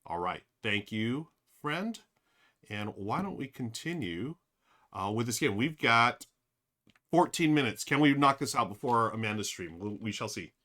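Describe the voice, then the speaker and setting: A man's voice: medium pitch, lively intonation, a little slow, pushed and bright. A man streaming a board game, thinking aloud with many fillers and talking straight to his chat. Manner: addresses chat directly. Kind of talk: casual live-stream commentary.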